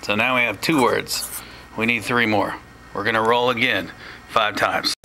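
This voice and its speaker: A man teaching a step-by-step tutorial, explaining slowly and plainly with small joking asides. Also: lowish voice, fairly even intonation, pushed and bright, slight background noise, poor audio.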